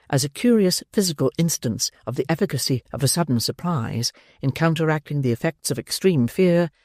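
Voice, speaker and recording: Audiobook narrator, middle pitch, dead dry close mic, reads slow and expressive with wry emphasis. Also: no echo.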